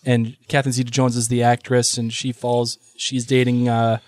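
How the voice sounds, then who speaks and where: A man co-hosting a casual live episode commentary podcast, chatty and quick to laugh, often restarting his sentences. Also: mid-range voice, monotone, no room sound. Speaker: podcast co-host.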